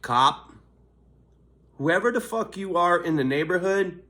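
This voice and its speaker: A man's voice: high voice, animated, normal speed, a bit bright. An older man vlogging, cursing constantly in a riled-up, confrontational rant. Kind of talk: angry ranting vlog.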